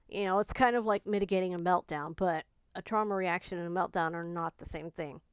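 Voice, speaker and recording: A woman's voice: lowish voice, fairly quick, clear, resonant tone, no room sound, poor audio. A woman talking candidly and earnestly in a personal vlog, reflecting on her own reactions and on learning to be patient with herself. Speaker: vlogger.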